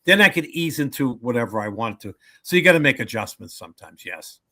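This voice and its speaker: Talking fairly quickly in a medium-pitched voice, a comedian in his seventies spins jokes and anecdotes in a casual interview. He acts out each character's voice with animated flair.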